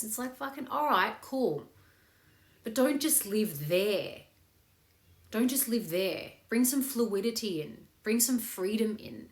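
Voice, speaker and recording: A woman's voice: fairly high pitch, animated, measured pace. A woman hosting a casual live chat that leads into a meditation, upbeat and swearing freely. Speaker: meditation host. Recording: echoey room with faint music.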